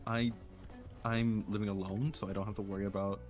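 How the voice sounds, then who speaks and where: Soft-spoken low-voiced man musing while gaming. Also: little pitch movement, brisk, faint music behind. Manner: soft, earnest, rambling with many fillers and restarts. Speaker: gaming streamer. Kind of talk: reflective casual chat while playing.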